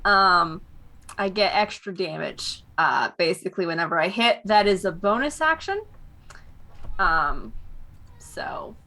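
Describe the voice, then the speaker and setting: Slow, bright-voiced woman with lively pitch. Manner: unhurried, hesitant, many ums. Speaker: tabletop game player. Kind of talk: casual chat, live-streamed tabletop game.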